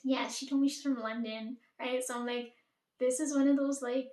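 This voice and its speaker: A woman's voice: high voice, fairly even intonation, moderate pace, a little mellow. Chatty woman, roomy echo. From Caribbean. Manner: chatty, profane, fillers "like" and "right?". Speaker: storyteller. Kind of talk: casual storytime chat.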